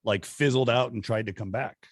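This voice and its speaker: A man hosting a casual chat who breaks in with quick jokes and reactions. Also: medium pitch, steady tone, no echo, clean studio sound. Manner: quick joking interjections. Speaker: podcast host.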